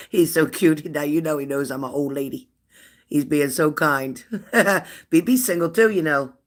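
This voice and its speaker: A woman in her fifties hosting a live stream, chatting warmly and laughing as she reads out viewers' comments. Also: low voice, animated, a little slow. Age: 50s. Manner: chatty and affectionate, laughs often, answers comments aloud. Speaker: livestream host of a spirit-messages channel.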